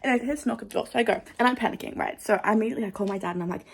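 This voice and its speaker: Young aussie girl vlogging, rambly, says like a lot, mid pitch. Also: very fast, creaky, breathy edge. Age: young adult. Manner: rambling, full of "like" fillers, animated storytelling. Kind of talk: casual chat to camera.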